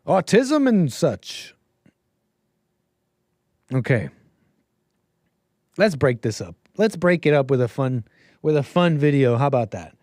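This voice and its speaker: A man's voice: mid-range voice, expressive, normal speed, long pauses, a little mellow, no room sound, clean studio sound. A man hosting a casual commentary livestream, sarcastic and often laughing. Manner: sarcastic, keeps breaking into laughter. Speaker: livestream host.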